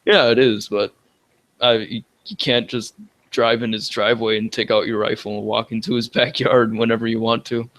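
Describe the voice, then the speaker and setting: A man's voice: medium pitch, little pitch movement, normal speed, a bit bright. A young man chatting casually in a voice chat, laughing often as he talks.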